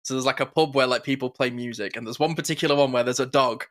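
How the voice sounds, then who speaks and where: A man's voice: medium pitch, fast, fairly bright tone. A man co-hosting a podcast in casual chat, playful, quoting songs and catchphrases. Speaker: podcast co-host.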